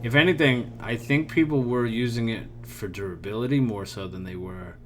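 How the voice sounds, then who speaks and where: A man's voice: medium pitch, normal speed, a crowd in the background. A man co-hosting a podcast, chatting casually and rambling, trailing off and laughing often. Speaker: podcast co-host. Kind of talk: casual chat about baseball.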